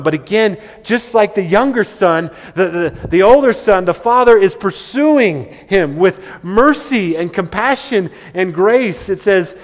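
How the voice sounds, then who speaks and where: Fairly high-voiced preacher in a reverberant hall. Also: male voice, lively intonation, unhurried, hardly any pauses. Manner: emphatic, with stammered word repeats. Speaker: pastor. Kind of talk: sermon.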